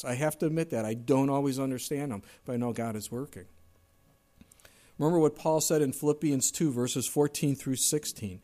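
A man's voice: fairly high pitch, a little mellow. A middle-aged man preaching a sermon in a conversational way, now and then acting out whiny complaints in a raised voice. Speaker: pastor.

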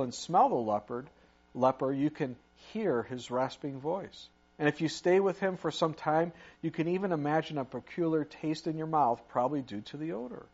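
A man preaching a sermon, retelling a story with lively asides and acted-out voices. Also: fairly high pitch. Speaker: pastor. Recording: muffled lo-fi recording.

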